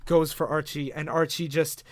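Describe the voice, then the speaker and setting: A man's voice: on the high side, flat delivery, moderate pace, no echo. A man co-hosting a casual podcast, animatedly retelling a comic story and swearing freely. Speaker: podcast co-host. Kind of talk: casual chat recapping a comic.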